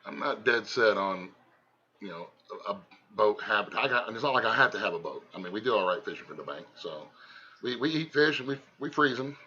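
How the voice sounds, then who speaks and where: A man's voice: lowish voice, lively intonation, a little fast, sharp tone, highs cut off. A man from Ohio with a thick Southern Ohio country accent, chatting casually and bluntly in a folksy drawl as host of his livestream. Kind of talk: casual chat.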